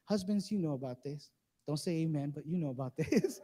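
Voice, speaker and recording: A man's voice: fairly high pitch, animated, a little fast, dark tone. A male pastor preaching a casual, joking sermon, laughing often and acting out the people he quotes. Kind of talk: conversational sermon. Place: church sanctuary. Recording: live service in a reverberant hall.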